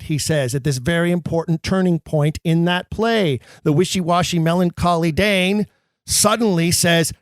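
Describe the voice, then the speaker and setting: A man's voice: fairly high pitch, normal speed, no echo. Emphatic man explaining verse, dry close sound. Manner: emphatic, theatrical, quotes verse dramatically. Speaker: podcast host. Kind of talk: scripted lecture on acting Shakespeare.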